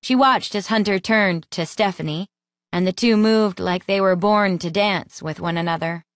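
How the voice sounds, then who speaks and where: A woman narrating an audiobook in a lively, expressive reading voice, close to the mic. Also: medium pitch, normal speed, dry recording. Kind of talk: scripted narration.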